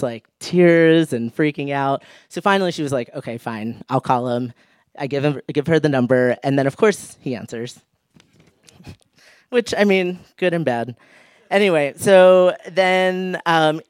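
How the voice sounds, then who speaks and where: A man's voice: fairly high pitch, clean tone, no echo. Man, live storyteller, humorous, laughs often, acts out quotes, dry close sound. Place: live stage show.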